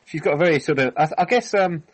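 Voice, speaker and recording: A man's voice: fairly high pitch, fast talker, breathy edge, poor audio. A British man as a guest in a casual chat, telling stories in a meandering way. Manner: lively, meandering storyteller.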